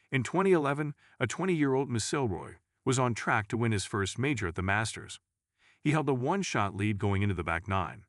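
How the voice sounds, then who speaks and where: A man narrating a sports news piece in a lowish voice that swings widely up and down, leaning hard on key words for drama. The sound is close and dry, with no room around it. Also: no echo. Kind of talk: scripted sports article narration.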